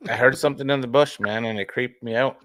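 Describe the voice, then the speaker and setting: A man's voice: mid-range voice, moderate pace, a bit bright, no echo, clean studio sound. Laid-back man from Canada. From British Columbia, Canada. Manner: laid-back, laughs while talking. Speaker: paranormal investigator, regular guest. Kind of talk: casual radio talk.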